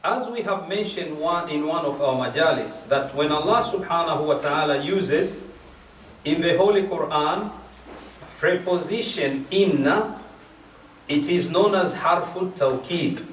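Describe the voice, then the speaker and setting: A man lectures on religion at a majlis gathering, explaining verses one step at a time and returning to key phrases. His voice runs on the high side and a little slow, recorded with a distant mic in an echoey mosque or community hall with slight background noise.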